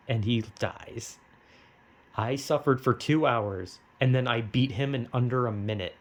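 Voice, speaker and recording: Man, mid-pitched voice, casual gaming vlog, swears a lot, laughs at his own failures. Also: lively intonation, a little slow. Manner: exasperated, self-mocking, profane storytelling. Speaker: gaming vlogger. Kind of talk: casual rant to camera.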